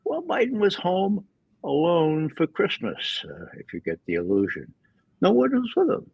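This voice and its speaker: An older man giving political commentary as a guest, animated with laughing asides and frequent restarts, heard over a dull lo-fi line. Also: high-pitched, normal speed, gravelly, slightly rough, dry recording. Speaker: guest analyst. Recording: dull lo-fi remote audio.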